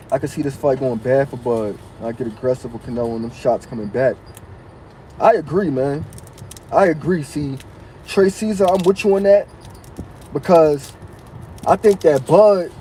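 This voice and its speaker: A man's voice: a little high, warm tone, a little hiss or hum, rough recording. A man hosting a casual live stream, reading viewers' comments aloud and answering them in loose, slangy street talk.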